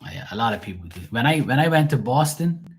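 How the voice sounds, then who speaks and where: Speaking at medium pitch with a husky, animated voice and a quick pace, a middle-aged tarot reader with a Bermudian accent chats to his livestream audience. His rambling talk is casual, heavy on profanity, and full of laughs.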